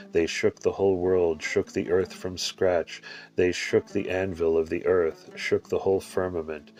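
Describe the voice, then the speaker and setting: A man with a very low, flat voice recites an ancient religious text in a steady, measured way. Faint guitar plays softly behind him as he reads on. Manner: steady, measured recitation with occasional filler slips. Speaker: scripture reader. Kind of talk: reading a religious text aloud.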